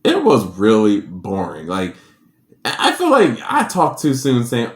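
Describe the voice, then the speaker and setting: A man giving a casual, sassy recap of a drama episode, with slangy, animated storytelling. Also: mid-range voice, measured pace, echoey room. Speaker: drama reviewer.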